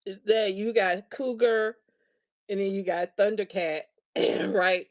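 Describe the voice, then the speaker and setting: A woman's voice: medium pitch, fairly even intonation, slow pace. A middle-aged woman hosting a show, casually telling a funny story and laughing often as she talks. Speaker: host.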